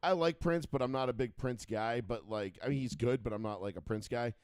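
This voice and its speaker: A man's voice: medium pitch, brisk, darkish tone, clean tone, no room sound, studio quality. Rambling, profane male sports talk host. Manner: profane, rambling storyteller with many fillers. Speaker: radio show co-host. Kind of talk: casual call-in sports chat.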